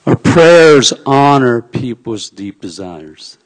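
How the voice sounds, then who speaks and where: A man preaching a sermon, dropping to a hush and then rising to loud, emphatic peaks. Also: mid-range voice, sing-song, slow pace. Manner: swings from hushed to loud and emphatic. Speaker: pastor. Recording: long hall reverb.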